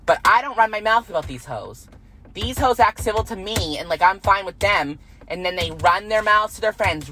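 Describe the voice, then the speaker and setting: A woman's voice: sits low, a bit bright, slight background noise, low-quality recording. A woman in her twenties delivering a heated, profane rant to camera, repeating herself and swearing freely. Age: 20s. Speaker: vlogger.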